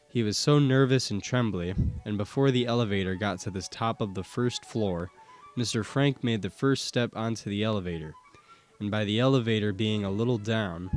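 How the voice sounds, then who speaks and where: A man narrating an audiobook, giving a steady, measured first-person reading of historical court testimony. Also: fairly low pitch.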